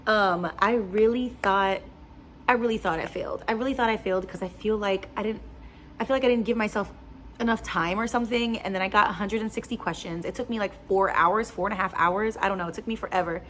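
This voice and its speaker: A woman's voice: mid-range voice, fast, a bit bright, slight background noise. A young woman, a newly licensed nurse, chatting casually in a personal vlog and filling her talk with "like.". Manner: chatty, lots of "like" fillers. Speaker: new nurse vlogger.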